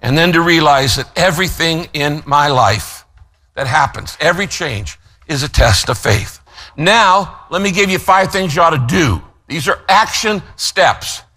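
A man preaching a sermon as pastor, emphatic, slowing down to stress key phrases and telling listeners what to write down. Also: a little high, lively intonation, bright, forceful tone. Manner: gives note-taking instructions to listeners.

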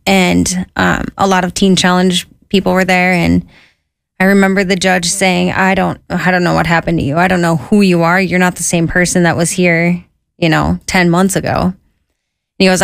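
A woman's voice: on the low side, gravelly, no echo, clean studio sound. A woman guest telling her personal testimony casually, acting out dialogue with quoted voices and using lots of "I was like" and "you know.".

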